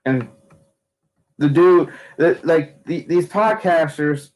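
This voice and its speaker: A man's voice: a little high, slow, a little mellow, rough recording. A young man who streams about wrestling, ranting casually with lots of fillers and restarts. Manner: rambling, frequent fillers and restarts. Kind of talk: casual opinion rant.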